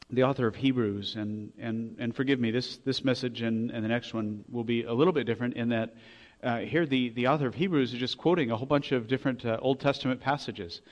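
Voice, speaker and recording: A man preaching a sermon, earnest, restarting phrases, growing loud as he reads scripture aloud. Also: medium pitch. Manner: earnest, repeats words when restarting, rises to loud when reading scripture.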